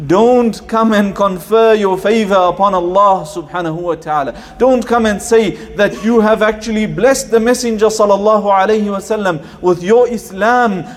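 A man with a fairly high voice preaches a sermon. He rattles through opening prayers quickly, chants scripture verses in a melodic tone, then slows to explain each one plainly to the congregation.

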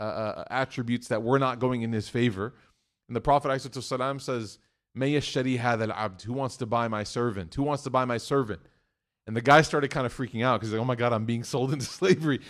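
Animated male preacher telling stories. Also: mid-range voice. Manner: acts out story voices, animated and joking; earnest exhortation. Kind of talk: storytelling sermon.

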